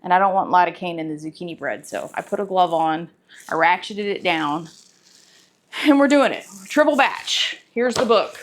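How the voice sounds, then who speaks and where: A woman, chatting to camera as a home cooking vlogger, talkative and sentimental, her voice going soft when she is moved. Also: fairly low pitch, lively intonation, moderate pace. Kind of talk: casual talk to camera.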